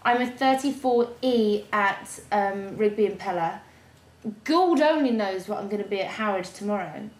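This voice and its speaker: A woman from Guernsey co-hosting a podcast, chatting casually, animated and laughing, sometimes slipping into a posh put-on voice. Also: medium pitch, normal speed. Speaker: podcast co-host. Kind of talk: casual chat. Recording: roomy echo, faint noise.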